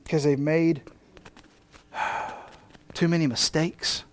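A male pastor preaching a passionate sermon, moving between emphatic lines and quiet ones. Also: on the high side, little pitch movement, slow, a little hiss or hum.

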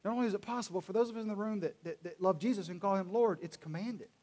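A man's voice: high voice, fast, darkish tone. A man preaching a sermon as pastor, telling a story in casual conversational words and acting out quoted lines. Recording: long reverb of a large hall.

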